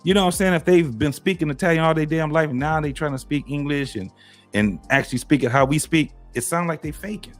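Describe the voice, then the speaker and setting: A man chatting as a co-host, opinionated and rambling, and his voice jumps up when he gets animated. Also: a little high, fairly quick, soft background music. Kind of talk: casual conversation.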